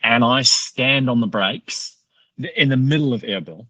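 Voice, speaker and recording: A man with an Australian accent, a podcast guest telling a story in a casual, animated, profane way. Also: mid-range voice, moderate pace, no echo, rough recording.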